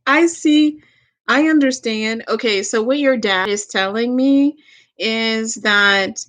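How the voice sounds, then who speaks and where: Speaking at a medium pitch in a Southern US accent, this woman works as a medium doing a tarot reading live. Her pace is slow and gentle, she says things more than once, and soft laughs slip in occasionally.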